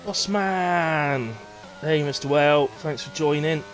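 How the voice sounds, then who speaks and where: Speaking slowly in a voice on the high side, a young man from England with a West Country accent talks viewers through a sim race on his live stream. He is relaxed, filling gaps with fillers and often correcting himself, while slight background noise can be heard.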